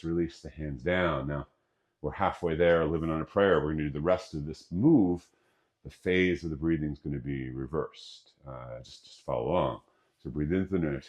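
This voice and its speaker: Low-pitched and a touch mellow, a middle-aged man teaches qigong moves. His step-by-step breathing cues are relaxed and playful, walking through every breath.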